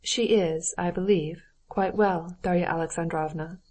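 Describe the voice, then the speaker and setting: A woman voicing a cold, stiff middle-aged husband who speaks in a measured, formal, clipped way. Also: fairly low pitch, fairly even intonation, darkish tone, lightly acted.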